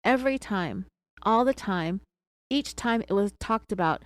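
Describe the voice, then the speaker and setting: A woman's voice: mid-range voice, expressive, measured pace, no room sound. Sarcastic woman telling a true crime story. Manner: sarcastic asides. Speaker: podcast host.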